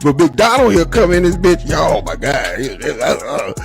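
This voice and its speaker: A man's voice: on the high side, sing-song, normal speed, gravelly, over music. A man hosting a reaction video, giving profane, emphatic commentary full of slang. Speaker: reaction channel host.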